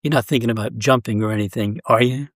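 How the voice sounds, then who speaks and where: Give me a gentle, world-wise woman with a soft, coaxing way of speaking, voiced by a man reading a short story aloud. She sounds soothing and a little tired. The recording is close and dry. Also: mid-range voice, fairly quick, no echo, lightly acted. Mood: worried.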